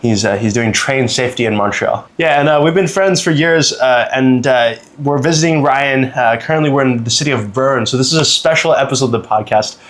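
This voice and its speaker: A man's voice: medium pitch, brisk, hardly any pauses. Young Canadian man telling stories. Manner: relaxed, lots of fillers and laughs. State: recovering from a cold. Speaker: podcast host. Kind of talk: casual storytelling. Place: indoors, on vacation.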